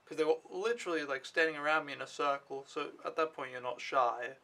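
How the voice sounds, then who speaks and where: Pushed and bright, this young au pair's fairly high voice goes at a fairly quick clip. He recounts his day for a casual vlog, offhand and rambling, with plenty of swearing.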